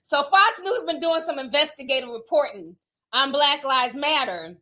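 A woman's voice: high-pitched, animated, normal speed, sharp tone. A woman hosting her channel, giving casual gossip commentary in a sassy, slangy way with laughing asides, speaking from home at her computer.

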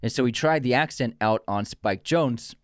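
A man co-hosting a relaxed film podcast, spinning behind-the-scenes anecdotes in easy conversation. The recording is dry and close, with little room sound. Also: medium pitch, moderate pace, no room sound. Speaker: podcast co-host. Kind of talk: casual chat about films.

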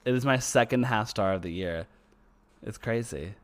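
A man co-hosting a podcast in casual chat, excitable, swearing and trailing off mid-sentence. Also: lowish voice, moderate pace. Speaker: podcast co-host.

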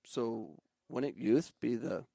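A man who coaches youth soccer, talking casually and animatedly, jumping up into loud mimicry of other coaches and parents. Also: mid-range voice, lively intonation, takes it slowly, creaky, no echo. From Arizona. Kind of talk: casual podcast conversation.

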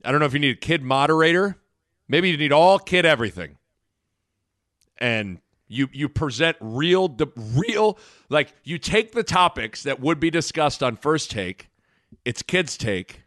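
A man in his thirties co-hosting a podcast, animated, retelling conversations in a casual chat. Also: a little high, unhurried, dry recording, clean studio sound. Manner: animated, quotes people in dialogue. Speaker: podcast co-host.

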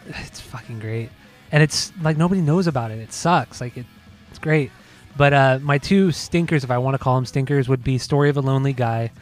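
A relaxed man co-hosting a casual podcast, talking at an ordinary pitch. He laughs easily and drops the odd curse as he ranks songs. Faint music plays behind him. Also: a little fast. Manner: laid-back, laughs often, swears casually. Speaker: podcast co-host. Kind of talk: casual chat.

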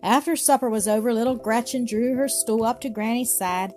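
A woman's voice: a little high, fairly quick, a little mellow. Woman narrating a children's story. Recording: music playing behind.

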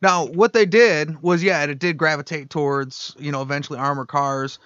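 A man with a somewhat high voice, narrating the story for his podcast co-hosts in a loose, easygoing way, laughing along and swearing casually. The recording is dry and slightly dull. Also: steady tone, normal speed, fairly bright tone, smooth, no echo. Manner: laid-back, laughs often, swears casually.

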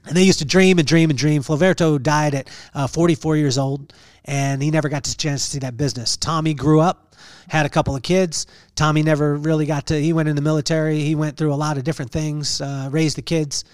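A man hosting a podcast, telling an emotional personal story in an earnest, halting way with many fillers. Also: fairly high pitch, fairly even intonation, dry recording, clean studio sound. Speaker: podcast host.

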